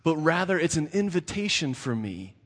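A man's voice: fairly high pitch, very animated, moderate pace, a bit bright. A man, a pastor giving a conversational sermon who repeats words as he builds his points. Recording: long reverb of a large hall.

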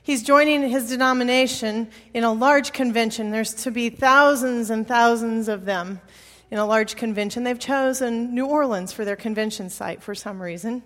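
A woman preaches a sermon in a storytelling way, hammering her points with repetition. Her voice sits somewhat high. It carries a long reverb from a large church hall. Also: normal speed, a bit bright.

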